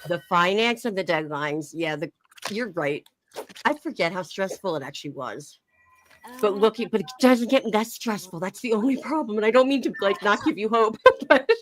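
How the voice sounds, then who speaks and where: A woman's voice: medium pitch, animated, normal speed. A young woman chatting casually on her live stream, reading chat messages aloud and laughing often.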